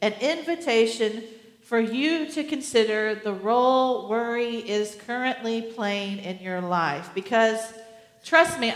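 A woman pastor preaching a sermon in an earnest way, with gentle humor. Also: fairly high pitch, reverberant, long reverb tail.

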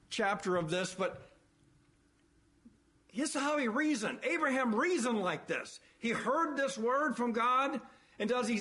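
A man's voice: sits high, sharp tone. A man preaching a sermon, emphatic, repeating his phrases and asking rhetorical questions.

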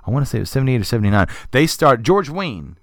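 Animated man telling a profane story. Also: medium pitch, fast talker, no echo, studio quality. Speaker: podcast host. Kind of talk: casual chat.

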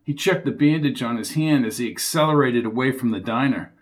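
A man reading a crime thriller audiobook with steady, driving storytelling. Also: medium pitch, brisk. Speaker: audiobook narrator. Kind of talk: scripted thriller narration.

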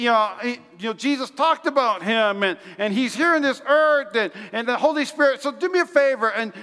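A man's voice: very high voice, bright, forceful tone. A male pastor in his thirties preaching a sermon and telling a personal story in a chatty way, full of fillers and restarts. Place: large church hall. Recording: long hall reverb.

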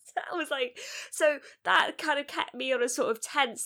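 A woman's voice: sits high, normal speed. Chatty woman reviewing films. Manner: chatty, blunt, animated with fillers. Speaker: podcast co-host. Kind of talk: casual film review chat.

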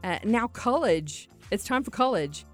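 A woman's voice: a little high, lively intonation, unhurried, soft background music. A woman hosting a radio interview in the studio, reacting eagerly to her guest. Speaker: radio host.

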